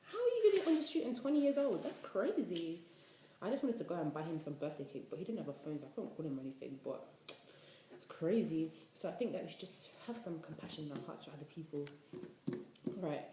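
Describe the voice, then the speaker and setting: A woman in her twenties from the UK, a university student giving casual life advice in an animated, chatty way. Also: low voice. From United Kingdom. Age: 20s. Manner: chatty, animated, preachy asides. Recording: echoey room, faint noise.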